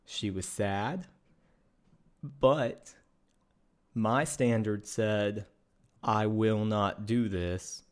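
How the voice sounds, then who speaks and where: A young adult man co-hosting a talk show, earnestly retelling a personal dating story in a measured, matter-of-fact way. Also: on the low side, smooth. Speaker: podcast co-host.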